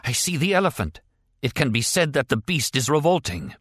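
A man's voice: mid-range voice, sing-song, a little fast, fairly bright tone, husky, dry recording, studio quality, pitched above the performer's own voice. A man voicing a terrified condemned prisoner who speaks in stiff, oddly formal sentences, stressing his open O's. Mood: frantic. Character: terrified condemned man, Polish accent in Russian.

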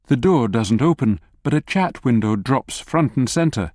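A man narrating a story in the second person with lively, wry asides, reading from a script. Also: mid-range voice, unhurried, hardly any pauses, dry recording, studio quality. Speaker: audiobook narrator.

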